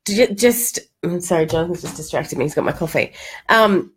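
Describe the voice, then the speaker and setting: An Australian woman hosting a live stream, hoarse from a cold, talking in a chatty, candid way with quick restarts and the odd swear word. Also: fairly low pitch, animated, slight background noise. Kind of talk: casual motivational live chat.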